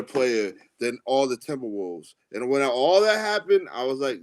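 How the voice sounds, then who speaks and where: A man's voice: medium pitch, very animated, normal speed, hardly any pauses, no room sound. Blunt, opinionated man ranting about sports. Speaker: podcast co-host. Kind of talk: casual sports chat.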